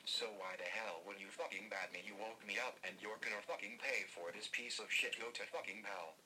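A male text-to-speech screen reader reading messages aloud in a flat synthetic manner. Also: on the low side, fairly quick, slight background noise, poor audio.

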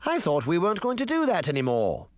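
A pompous, scornful mayor , voiced by a man, snaps and sneers with a lively, swinging pitch. The sound is dry and close. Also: fast talker, no echo. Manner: snappy, dismissive, smug. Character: pompous, scornful middle-aged male mayor.

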